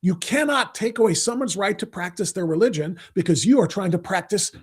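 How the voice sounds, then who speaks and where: A man's voice: high voice, expressive, fairly quick, slightly rough. A male talk show host delivering an angry, sarcastic political rant.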